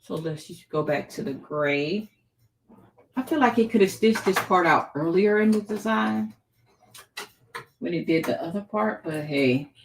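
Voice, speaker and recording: A woman's voice: on the low side, expressive, unhurried, pauses often, background noise. A middle-aged woman hosting a craft livestream, chatting casually and expressively with viewers and calling them by name. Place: craft room.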